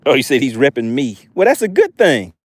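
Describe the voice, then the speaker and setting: A man hosting a fishing livestream from a boat outdoors, excitable, calling out catches and chatting with viewers. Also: medium pitch, brisk, no echo. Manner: excitable, reads chat aloud, exclaims. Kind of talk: live fishing stream chat.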